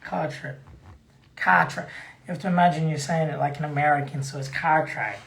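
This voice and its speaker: Man, somewhat high voice, livestream co-host, playful, jokey banter. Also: fairly even intonation, racing, vocal fry, a little hiss or hum. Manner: playful, jokey, mock accents. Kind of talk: casual livestream chat.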